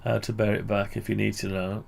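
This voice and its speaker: This UK speaker has a lowish, slightly mellow voice with vocal fry and little pitch variation, and he talks a bit fast. A faint hiss or hum sits underneath as he casually screen-shares his amateur radio antenna project, thinking aloud and correcting himself.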